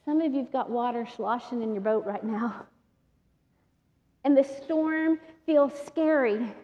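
A woman's voice: a little high, slow, mellow. A woman preacher, reading scripture and talking to her listeners in a chatty, emphatic way, laughing often. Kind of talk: sermon with Bible reading. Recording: long reverb, dull sound.

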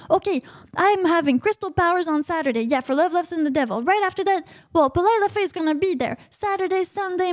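A woman's voice: extremely high pitch, a little mellow, dry recording. A woman hosting a talk radio show, rambling through a story with repeated phrases and frequent uh-huh asides, in a studio. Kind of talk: solo talk radio monologue.

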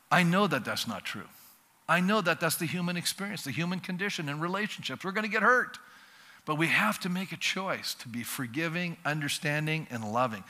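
A male pastor preaching a sermon in a lively, conversational way, acting out little dialogues for the congregation. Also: on the high side. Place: church sanctuary. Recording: long reverb of a church hall.

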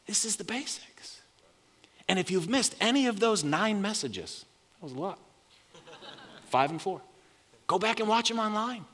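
A man's voice: sits high, lively intonation, moderate pace, long pauses, fairly bright tone. A man preaching a sermon as pastor, leading the congregation in call-and-response. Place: large church hall. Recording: long hall reverb.

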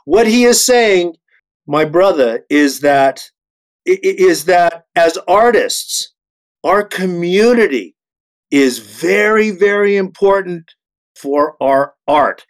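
Earnest halting man in his sixties. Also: high voice, lively intonation. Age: 60s. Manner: earnest, halting with many repeated words. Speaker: actor, panel guest. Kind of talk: panel discussion.

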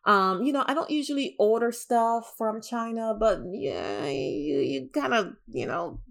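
Animated woman telling a story. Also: on the high side, unhurried, creaky. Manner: animated, exasperated, lots of "you know" fillers. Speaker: vlogger. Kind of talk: casual storytelling vlog.

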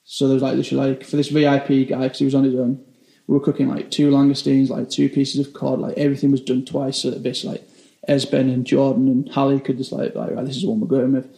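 A man's voice: medium pitch, completely flat delivery, fast talker, creaky, mellow, roomy sound. Young British man, rambling with constant "like"s. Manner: rambling, says 'like' constantly. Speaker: chef. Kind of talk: casual interview storytelling.

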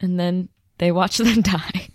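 A young woman chatting casually about a movie on a podcast, playful and quick to laugh. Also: fairly low pitch, fairly even intonation, no room sound, studio quality. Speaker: podcast panelist.

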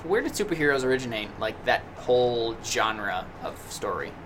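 A man's voice: medium pitch, lively intonation, normal speed. A man co-hosting a casual podcast discussion, talking at length and thinking aloud with frequent restarts. He is in a small room with a noisy fan. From United States. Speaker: podcast co-host.

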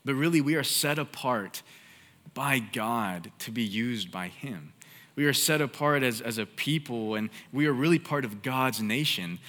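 A young man delivers a sermon in a relaxed, conversational manner. His voice is bright and forward, sitting at an ordinary middle pitch. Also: a little slow, in a large hall. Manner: casual, conversational, with filler "like". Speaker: preacher.

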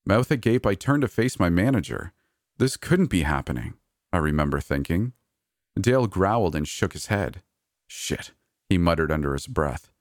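A man narrates a serialized first-person story in a measured, even way. His voice is very low and deep. The recording is dry, with no room echo.

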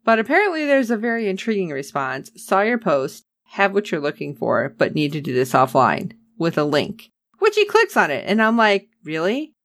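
Casting note: woman podcast co-host, lively sarcastic recap voice, dry close sound. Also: mid-range voice, moderate pace, dry recording. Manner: animated, sarcastic, acts out characters' lines. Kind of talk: casual TV recap chat.

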